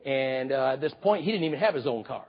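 Husky-voiced preacher in a reverberant hall. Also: male voice, animated, fast talker. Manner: storytelling, swings from booming to hushed. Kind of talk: sermon. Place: large church hall. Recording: reverberant hall, slightly dull sound.

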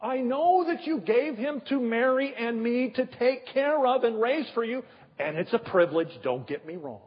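Exasperated father pleading with God, put on by a male preacher, husky, sarcastic, high and swinging, dull echoey hall sound. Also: expressive, moderate pace, exaggerated voice. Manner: indignant, sarcastic complaining.

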